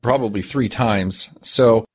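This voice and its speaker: A man's voice: on the low side, breathy edge. A man hosting a podcast, conversational, steering the discussion. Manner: fast, conversational, steering the talk. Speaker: podcast host. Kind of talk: casual podcast chat.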